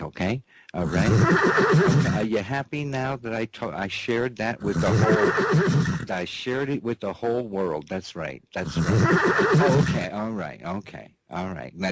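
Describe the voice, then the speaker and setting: A man's voice: on the low side, heavy background noise. A man hosting his own show in a playful cowboy-style comic monologue, drawling and often repeating himself with a chuckle. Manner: drawling, repeats "that's right", chuckles between phrases; playful cowboy-style banter with an off-mic partner. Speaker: host of a news and commentary show.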